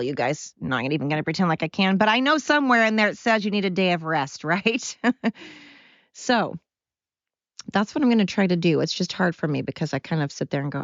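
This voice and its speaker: Rambling older woman, low voice. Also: no room sound, highs cut off. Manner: rambling, chatty, self-talking. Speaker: podcast host. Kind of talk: casual solo podcast monologue. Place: at home, dog panting nearby.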